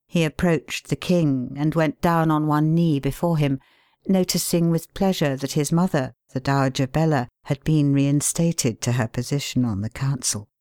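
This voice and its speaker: A woman narrating a story in a calm, measured way. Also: rumbling low, dry recording, studio quality.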